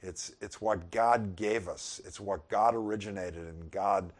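A man's voice: deep voice, fairly even intonation, measured pace. A middle-aged man giving an informal sermon, conversational with chuckling asides. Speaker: pastor.

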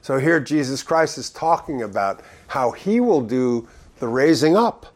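Male preacher, mid-range voice, conversational verse-by-verse teaching with swings between emphatic and hushed delivery. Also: animated, a little slow. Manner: reads scripture aloud then explains it conversationally; shifts between loud emphatic stress and low quiet asides.

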